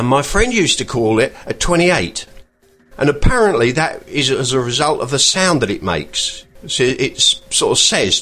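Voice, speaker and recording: A man's voice: medium pitch, a bit bright. Rambling man podcasting. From England. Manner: rambling and chatty, pausing to search for words. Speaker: podcast host. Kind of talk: casual podcast monologue.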